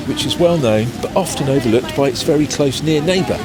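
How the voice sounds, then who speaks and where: A man reporting from an outdoor location as a photographer, describing his travel gear in a measured, scripted way. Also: medium pitch. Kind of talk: scripted location piece to camera. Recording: outdoor street noise.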